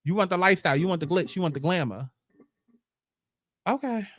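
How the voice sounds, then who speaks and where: A man's voice: sits high, animated, brisk, a bit bright. A man hosting a storytime commentary, ranting bluntly with profanity, sarcastic questions and repeated phrases. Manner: exasperated, sarcastic rhetorical questions. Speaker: commentary host.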